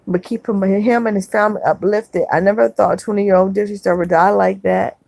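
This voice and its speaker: A woman hosting a livestream, reading chat comments aloud and gently consoling viewers, often repeating her words. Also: medium pitch, fairly even intonation, moderate pace, gravelly, no room sound. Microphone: phone.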